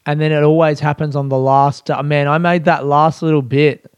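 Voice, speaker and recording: Young Aussie male comic, sweary rambling bits, slightly high voice, dry close sound. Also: little pitch movement, moderate pace, clean tone, dry recording. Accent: Australian. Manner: profane, rambling and self-mocking. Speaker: comedian. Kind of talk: casual comedic monologue.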